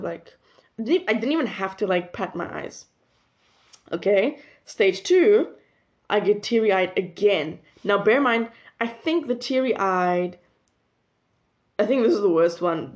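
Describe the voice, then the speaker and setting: A young woman vlogging, telling a personal story in a casual, chatty way, with lots of "like" and restarts. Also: medium pitch. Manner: chatty, animated, full of "like" and restarts. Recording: dull lo-fi recording.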